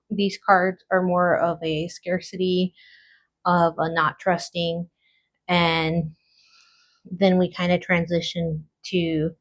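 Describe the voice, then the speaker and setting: A woman giving a casual tarot card reading, thinking aloud slowly with lots of fillers and pauses. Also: fairly low pitch. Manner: slow, musing, thinking aloud with many fillers. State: has the hiccups.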